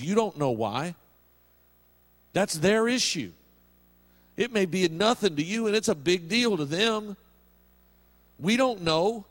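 A middle-aged male pastor preaching a sermon in a folksy, humorous storytelling way. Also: on the high side.

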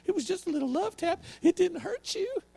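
A woman's voice: extremely high pitch, lively intonation, brisk, gravelly, dark tone, voice pushed up, exaggerated voice. A man preaching who voices his young wife, sweet and innocent, protesting that she meant no harm.

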